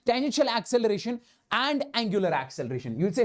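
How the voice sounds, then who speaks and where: A man's voice: high voice, sing-song, a little fast, darkish tone. A man with an Indian accent teaches physics in a live online class. He talks emphatically, repeats his points and keeps asking whether his students have understood, now and then slipping a Hindi word into his English. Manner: mixes Hindi words into English.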